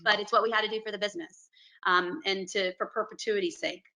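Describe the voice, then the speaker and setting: A periodontist woman from Alabama, talking earnestly and warmly over a video call on a panel. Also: medium pitch, steady tone, fast talker, poor audio. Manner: earnest, effusive, says "y'all".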